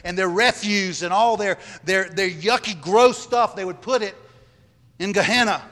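A man delivers a sermon with a high-pitched voice, pressing each point and circling back on his phrases. His words ring out with the long reverb of a large hall. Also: normal speed, fairly bright tone. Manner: emphatic, repeats phrases. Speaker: preacher.

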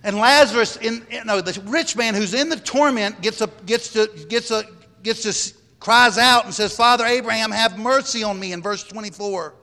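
Guy preaching, high voice, pushes hard and repeats himself, big echoey hall. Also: moderate pace, pushed and bright. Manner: emphatic, repeats phrases. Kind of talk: sermon.

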